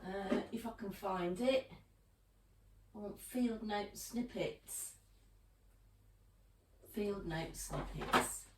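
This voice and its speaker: A woman's voice: mid-range voice, background noise. A tired woman giving a chatty crafting narration, muttering to herself with playful asides.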